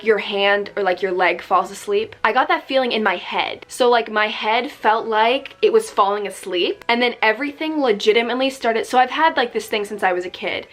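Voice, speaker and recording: A woman's voice: a little high, a bit bright. A young woman chatting casually while doing her makeup, rambling through a story with lots of fillers. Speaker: beauty vlogger. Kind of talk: casual get-ready-with-me chat.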